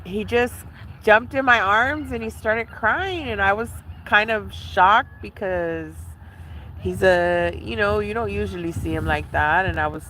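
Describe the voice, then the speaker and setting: A woman talks casually on her partner's livestream from outdoors by a lake. She sounds shy and stands a little away from the mic. Her voice is ordinary in pitch, with faint noise behind her. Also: unhurried, pushed and bright. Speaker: host's partner.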